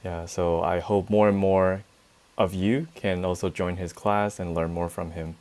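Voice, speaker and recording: Low-voiced male host with a smooth tone. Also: level tone, a little slow, darkish tone. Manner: brief agreeing interjections, friendly wrap-up. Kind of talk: casual live-stream chat.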